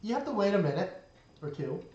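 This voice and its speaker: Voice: medium pitch, sing-song, quick pace, a little mellow. A game master narrating a tabletop game, laughing often and hesitating over fillers. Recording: roomy, distant, dull recording.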